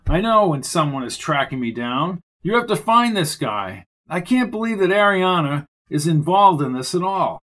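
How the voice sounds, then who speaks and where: A man's voice: on the high side, sing-song, normal speed, few pauses, a bit bright. A man reading the lines of a grumpy, sarcastic male detective in a clipped manner. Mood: gruff sardonic.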